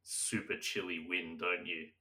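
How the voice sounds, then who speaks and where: A young man, chatting casually as a podcast co-host. His voice sits low and sounds a little distant from the microphone. He rambles loosely, laughs often and slips into playful voices. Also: little pitch movement, unhurried, pushed and bright. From Australia. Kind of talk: casual chat.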